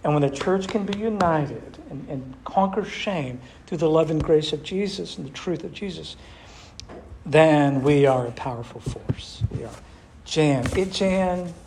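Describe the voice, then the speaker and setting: Pastor, emphatic preaching, rhetorical questions, mid-pitched voice. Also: measured pace, darkish tone, a little hiss or hum. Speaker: pastor leading a church discussion. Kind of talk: sermon and group discussion.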